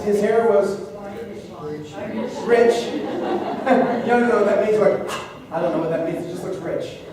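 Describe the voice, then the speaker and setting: Lively male speaking coach with a high voice, working a live room, heard from a distance in an echoey hall. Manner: lively, conversational, joking with the audience. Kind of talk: live seminar teaching to a room. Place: large hall with a live audience.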